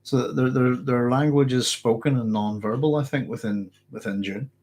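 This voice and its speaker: Northern irish guy with a cold, husky throat, rambling chat, lots of restarts. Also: mid-range voice, normal speed, a little mellow. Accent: Northern Irish, mixed. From Northern Ireland. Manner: rambling, many restarts, chuckles often. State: has a cold, hoarse throat. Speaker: host answering live chat. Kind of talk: casual livestream Q&A.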